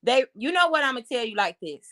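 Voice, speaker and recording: A woman, a podcast guest, chatting casually and telling animated stories, laughing often and doing voices. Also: on the high side, fairly quick, no room sound, clean studio sound. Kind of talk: casual chat, storytelling.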